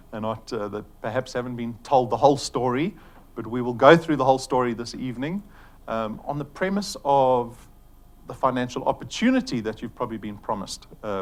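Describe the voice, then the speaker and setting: Joking South African business presenter. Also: male voice, medium pitch. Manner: chatty and joking, with fillers. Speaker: company executive presenting to an audience.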